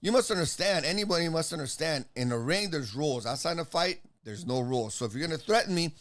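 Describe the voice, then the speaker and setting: A man, telling a fight story in a casual, profane, animated way. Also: a little high, quick pace. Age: 50s. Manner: animated, profane, acts out both sides of an argument. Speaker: jiu-jitsu competitor telling a story.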